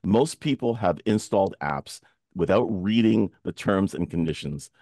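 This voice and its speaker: A man's voice: sits low, expressive, a little slow, warm tone, dry recording, clean studio sound. A man hosting a casual talk show discussion, telling stories animatedly and acting out the voices he quotes, heard over a video call.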